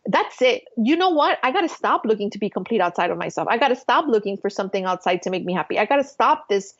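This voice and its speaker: A woman's voice: medium pitch, animated, fast, lo-fi sound. Earnest, emotional woman telling her story. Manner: earnest, emotional, spiritual storytelling with many fillers. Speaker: podcast guest. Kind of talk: casual interview storytelling.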